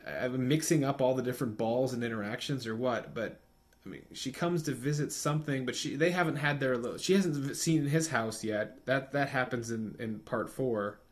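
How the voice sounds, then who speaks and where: A man in casual conversation, talking in a halting, musing way with frequent restarts. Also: mid-range voice. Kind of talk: casual chat.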